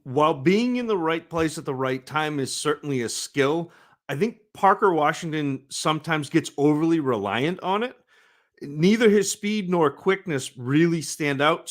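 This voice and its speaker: A man co-hosting a podcast, reading prepared scouting notes in a measured way. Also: on the high side, a bit bright. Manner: measured, scripted evaluation. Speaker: podcast co-host, draft analyst.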